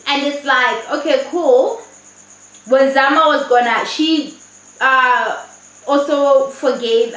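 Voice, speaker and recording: A woman's voice: a little high, a bit bright. Chatty woman in an echoey room. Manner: chatty, candid, swears freely. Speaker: TV show reviewer. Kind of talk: casual review vlog.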